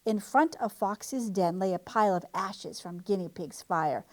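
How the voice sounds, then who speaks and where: A woman reading a picture book aloud for storytime, in an expressive way. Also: lowish voice, measured pace, few pauses. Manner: expressive, animated. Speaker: library storytime reader.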